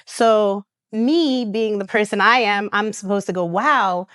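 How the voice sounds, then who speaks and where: A reality TV star, guesting in a casual interview, tells stories and acts out the voices of people she quotes, with restarts and laughs. Her medium-pitched voice is clear and resonant, a little slow, and the recording is dry and clean, studio quality.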